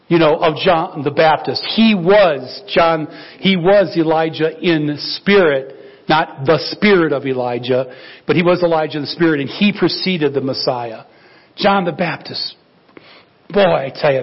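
Animated pastor with a slightly high voice. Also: male voice, highs cut off. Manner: animated, acts out biblical dialogue in quoted voices. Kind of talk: conversational sermon.

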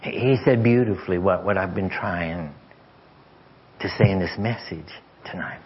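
A man preaching as a guest speaker, telling a story with stammered repeats and sometimes sinking to a hushed whisper. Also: sits low, moderate pace, a little hiss or hum. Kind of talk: sermon storytelling. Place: church sanctuary. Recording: dull lo-fi church audio.

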